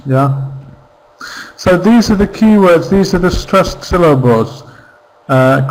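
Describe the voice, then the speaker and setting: A man's voice: a little high, measured pace, a little mellow, rough recording. A man teaching an online English grammar class, patiently repeating example phrases and checking in with questions.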